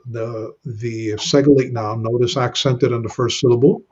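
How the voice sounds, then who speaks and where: A man patiently explaining Hebrew grammar in an online lesson, often pausing with "uh" and "okay". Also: medium pitch, steady tone, a little mellow, breathy edge, highs cut off. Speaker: Bible Hebrew grammar teacher.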